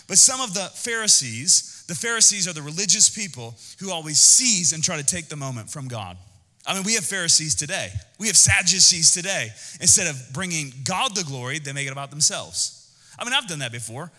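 A male pastor giving an energetic, conversational sermon, talking directly to the congregation with quick asides. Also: fairly high pitch, big-room sound.

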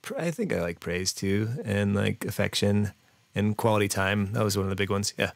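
Low gravelly guy rambling on a podcast, lots of um and like, laughs a lot. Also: normal speed, no echo. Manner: rambling, hesitant, many fillers and restarts, laughs often. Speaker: podcast guest. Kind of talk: casual interview chat.

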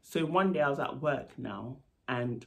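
Gravelly man telling a story. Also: mid-range voice, measured pace. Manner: animated, lively retelling with asides. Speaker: storytelling vlogger; nurse. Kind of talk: casual storytime vlog.

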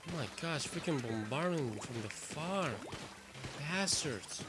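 A man giving excitable, swearing let's play commentary while he plays. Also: mid-range voice, measured pace. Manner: excitable, swearing, trash-talking. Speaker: gamer. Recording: game music clearly behind voice. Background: game music.

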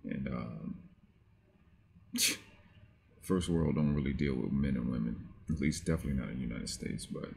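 A man hosting a reaction channel, commenting in a halting way with many fillers. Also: rumbling low, vocal fry, dark tone. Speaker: channel host.

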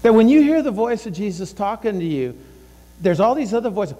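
A man's voice: very high voice, lively intonation, moderate pace, dark tone, big-room sound. A man preaching a sermon as a pastor, emphatic and repeating his phrases, sometimes voicing inner thoughts.

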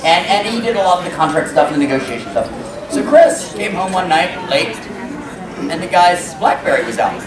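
A man's voice: sits high, big pitch swings, fairly quick. A man on a convention panel telling a long, rambling story and acting out the quotes. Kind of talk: casual anecdote telling. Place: large convention hall with audience. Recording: echoey hall, mic at distance, crowd noise. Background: audience murmur and room noise.

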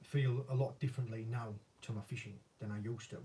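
Northern English fisherman, easygoing self-deprecating chatter, warm low-key voice, recorded a little off-mic. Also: fairly even intonation, brisk, a little hiss or hum. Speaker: angling vlogger and former commercial fisherman. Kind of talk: casual viewer Q&A chat. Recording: voice a bit distant from the mic.

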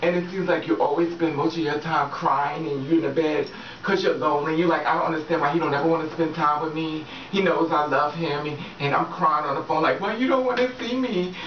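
Brisk and low, with little pitch movement, this woman's voice delivers straight-talking relationship advice to her viewers, full of swearing and laughter. It's recorded in an echoey room on a distant, dull mic with faint background noise.

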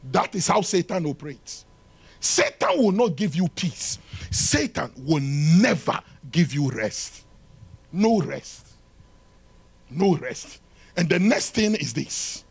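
A male pastor preaching a sermon in a church, swinging from loud shouted lines to hushed ones and acting out little dialogues. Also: high-pitched, very animated, a little slow, vocal fry, slightly rough. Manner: acts out dialogue between lovers.

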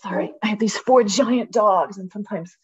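A woman's voice: medium pitch, moderate pace, slightly rough. Talkative woman on a dull call line. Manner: animated, acts out voices with laughs. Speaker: guest author. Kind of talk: casual interview conversation. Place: rural home with dogs.

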